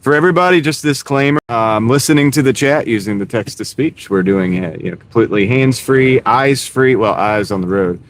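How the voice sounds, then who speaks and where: A North Carolina man who drives deliveries livestreams from his moving car, chatting laid-back with viewers and saying "dude" a lot. His mid-range voice is fairly quick with hardly any pauses. He wears a wireless clip-on mic, and road noise sits behind him.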